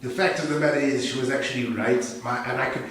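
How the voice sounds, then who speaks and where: A man's voice: mid-range voice, steady tone, quick pace, a bit bright. A man, a guest in casual conversation, speaking candidly and laughing easily. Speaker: guest team member. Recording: echoey room, mic at a distance.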